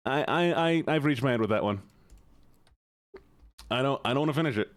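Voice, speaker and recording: A man's voice: mid-range voice, animated, a little fast, no echo. A man streaming a game live, chatting casually and rambling as he jokes with his viewers.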